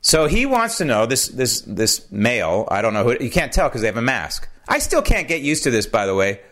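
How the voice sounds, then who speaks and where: A man hosting a political commentary show, talking in an animated, sarcastic monologue. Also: a little fast. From United States. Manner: animated, sarcastic, swings pitch for emphasis. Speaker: podcast host.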